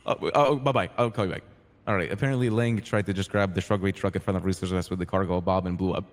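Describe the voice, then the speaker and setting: A man playing a streetwise, hot-tempered crew boss in a roleplay game, retelling events in an animated way, acting out quoted lines and swearing freely. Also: low voice, quick pace, big-room sound. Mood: earnest. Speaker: roleplay character telling his side. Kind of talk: in-character storytelling in a roleplay game.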